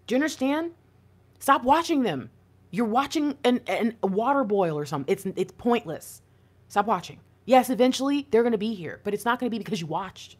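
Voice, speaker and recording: A woman's voice: mid-range voice, fairly quick. Chatty woman giving a spiritual reading. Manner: animated, chatty, full of rhetorical questions. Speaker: intuitive card reader. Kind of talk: spiritual reading monologue to viewers.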